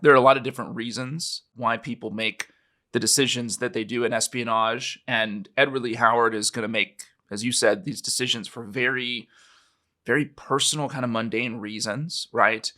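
A man's voice: mid-range voice, fairly even intonation, normal speed, bright, forceful tone. A man co-hosting a podcast in casual conversation, often checking in with "right?". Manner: conversational, with frequent "right?" asides. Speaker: podcast co-host.

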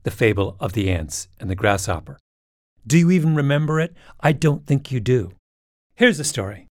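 Guy hosting a podcast, wry and punchy, really animated delivery. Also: medium pitch, moderate pace, dry recording, clean studio sound. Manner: wry, emphatic, conversational. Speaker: podcast host. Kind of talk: scripted narration.

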